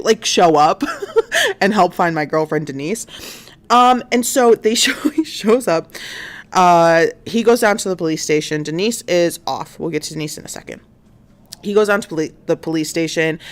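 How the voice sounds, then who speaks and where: A woman's voice: lowish voice, normal speed. A woman hosting a livestream, retelling a crime story in casual chat, full of fillers and acted-out quotes. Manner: chatty, many fillers, acts out quotes. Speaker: stream host. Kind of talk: casual true-crime recap.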